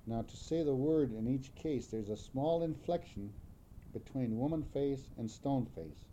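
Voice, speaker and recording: Man, slow and measured, very dark mellow tone, faint rumble behind; careful explainer. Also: animated, muffled recording. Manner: measured, careful, repeats example words.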